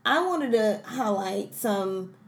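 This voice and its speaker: A woman's voice: medium pitch, slow pace, a little hiss or hum. Playful woman co-host on tangents. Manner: animated, playful, goes off on tangents. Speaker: podcast co-host. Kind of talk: casual chat.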